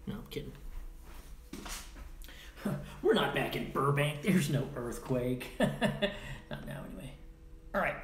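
Chatty man with lively ups and downs. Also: medium pitch, normal speed, pauses often. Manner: chatty, mutters to himself while editing audio; playful, jumps between loud bursts and quiet asides. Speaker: live stream host. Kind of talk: casual live stream chat. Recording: roomy echo with faint noise.

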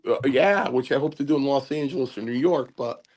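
An older man, a host and former wrestler, talking in a halting, rambling casual way with many fillers and repeats. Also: mid-range voice, darkish tone.

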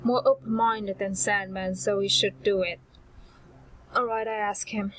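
A woman's voice: mid-range voice, flat delivery, measured pace, a bit bright, low-quality recording. A woman hosting a let's-play, commenting on her gameplay with chatty, self-mocking asides.

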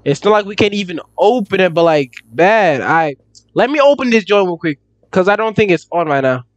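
A young gaming YouTuber commentates a horror game playthrough, chattering excitedly in slang and yelping when something startles him. His voice sits high and a little fast, and the lo-fi recording has no echo.

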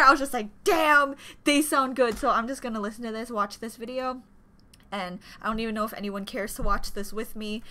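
A woman hosting a casual reaction video, gushing excitedly with gasps and squeals. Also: fairly high pitch. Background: faint music from the video being watched.

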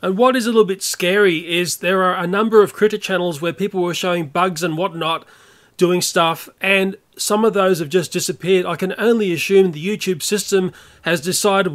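An older Australian YouTuber delivering an earnest, opinionated rant to camera. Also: male voice, sits high, steady tone, normal speed, a bit bright. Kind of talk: ranting monologue to camera.

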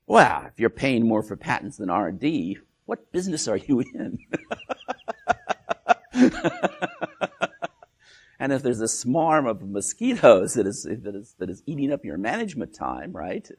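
A man's voice: medium pitch, sing-song, a little slow, long pauses, breathy edge. A male lecturer giving an academic talk in a joking way, with frequent restarts and "right?" tag questions.

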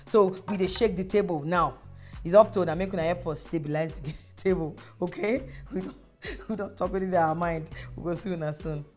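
A woman's voice: lowish voice, brisk, darkish tone, soft background music. A woman with a Nigerian accent hosting a talk show, speaking emphatically and addressing her audience directly. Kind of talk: casual talk show conversation.

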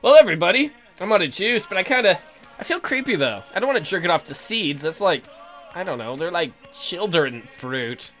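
A man's voice: high voice, lively intonation, a little fast, fairly bright tone, soft background music. A man hosting a let's play, giving casual, jokey commentary and reacting aloud to the game.

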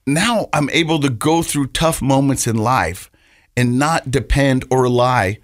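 A man's voice: medium pitch, unhurried, no echo. Dry-voiced man telling a rambling story. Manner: rambling, repeats words, laughs while telling; earnest, reflective. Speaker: podcast co-host. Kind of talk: casual storytelling.

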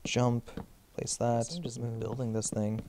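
A man's voice: mid-range voice, little pitch movement, moderate pace, creaky, warm tone. A young man commentating his own gameplay, jittery and self-mocking, yelping and pleading at monsters. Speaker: Minecraft let's player. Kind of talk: game commentary.

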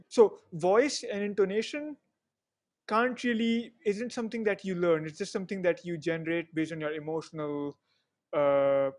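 A man hosting a podcast interview, summarizing ideas and giving frequent short acknowledgements. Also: fairly high pitch. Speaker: podcast host.

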